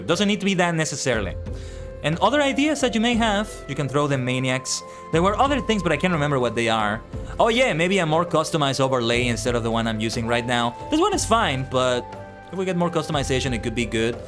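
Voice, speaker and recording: A male streamer talks casually with his chat, reading messages aloud and answering them as they come in. His pitch sits in the middle but swings widely and animatedly. Music plays clearly behind him. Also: very animated, fairly quick. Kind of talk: casual chat with live viewers.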